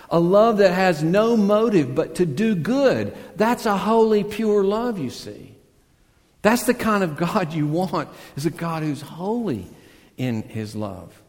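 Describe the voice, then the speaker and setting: A man preaching a sermon, earnest and conversational, swelling to loud emphatic peaks and dropping back to a hush. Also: fairly high pitch, big-room sound. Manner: conversational storytelling with self-deprecating asides. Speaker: pastor.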